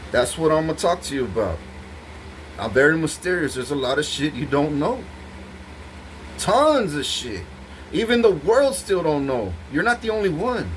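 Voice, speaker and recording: A man's voice: fairly high pitch, slight background noise, poor audio. Intense, profane man rambling to camera. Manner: intense, profane, rambling, addressing a partner directly.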